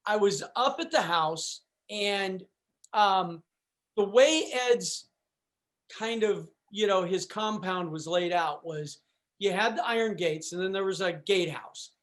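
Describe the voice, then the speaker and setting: A man guest on a podcast telling a story in a casual, animated way, acting out what people said and using lots of fillers. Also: high-pitched, unhurried. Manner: animated, acts out quotes, fillers.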